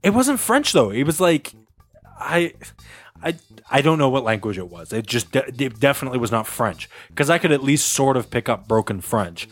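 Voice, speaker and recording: A man's voice: medium pitch, sing-song, moderate pace, faint music behind. A man hosting a casual podcast, telling a long story with laughs and acted-out quotes. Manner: rambling, laughing, acts out quotes. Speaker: podcast host.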